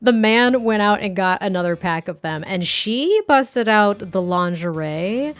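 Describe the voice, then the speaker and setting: A woman's voice: medium pitch, animated, a little slow. A young woman, the host, giving casual, gushing gameplay commentary with frequent laughs. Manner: bubbly, gushing, laughs often. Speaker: gaming creator narrating a life-sim series.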